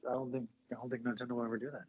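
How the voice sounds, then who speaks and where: A man with a husky voice co-hosting a casual podcast, rambling and hesitating as he repeats the starts of his sentences. The recording is muffled and lo-fi, and his pitch sits in the ordinary middle range. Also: flat delivery, racing. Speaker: podcast co-host. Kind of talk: casual chat.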